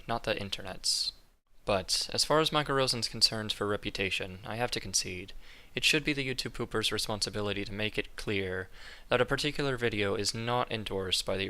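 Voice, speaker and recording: Monotone young man, bright clear voice. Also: lowish voice. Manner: flat, monotone reading. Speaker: student presenter. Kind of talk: scripted narration.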